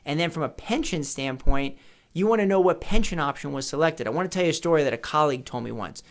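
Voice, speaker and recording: A man's voice: on the high side, expressive, fast talker. A man advising on retirement, speaking emphatically, repeating key questions and telling anecdotes to make his point. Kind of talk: educational talk to camera. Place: office or home studio. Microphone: camera mic with studio lights setup.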